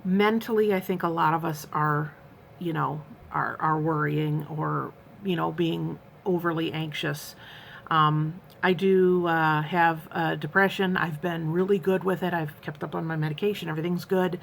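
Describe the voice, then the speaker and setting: Gravelly-voiced woman in her fifties. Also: sits low, fairly even intonation, moderate pace, a little hiss or hum. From United States. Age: 50s. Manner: earnest, rambling, many fillers and restarts. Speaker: vlogger. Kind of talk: candid personal vlog talk.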